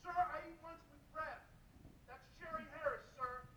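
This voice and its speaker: An actor playing an eager teenage male football player who shouts his answers drill-style. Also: very high-pitched, moderate pace, recorded from a distance, a little hiss or hum, heavily acted. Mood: barking. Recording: roomy film audio heard from afar.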